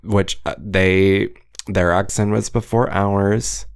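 A man's voice: lowish voice, steady tone, slow pace, clean tone, dry recording, clean studio sound. A man with a Californian accent co-hosting a casual podcast, telling stories and teasing his co-host. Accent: Californian American. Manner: chatty, teasing storyteller. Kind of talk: casual chat.

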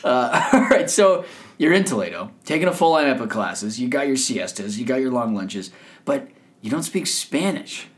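A man hosting a casual chat, upbeat and quick with interjections. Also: medium pitch, big pitch swings. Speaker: host.

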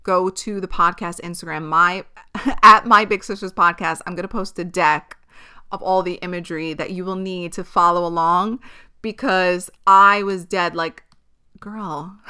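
Woman, thirties, podcast host, bright tone, smooth clear voice, candid, chatty. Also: mid-range voice. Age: 30s. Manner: candid, animated storytelling with frequent swearing and laughter. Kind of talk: casual solo podcast chat.

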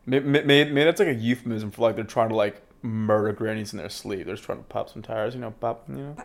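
A man's voice: lowish voice, fast, vocal fry. A man co-hosting a podcast, rambling through joking tangents full of repeated words and fillers. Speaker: podcast co-host. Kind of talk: casual chat.

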